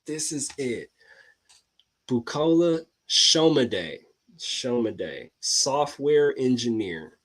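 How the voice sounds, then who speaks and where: Hyped-up guy talking to his viewers, slangy, laughs a lot, middle-of-the-road pitch. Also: drawn-out words, husky. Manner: excitable, slangy, laughs often, keeps calling out to viewers. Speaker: host. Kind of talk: casual talk to viewers.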